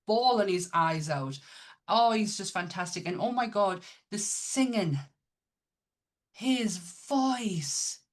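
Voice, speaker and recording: A woman co-hosting a podcast, chatting enthusiastically about films with lots of restarts. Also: fairly low pitch. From Northern England. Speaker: podcast co-host. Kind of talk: casual chat.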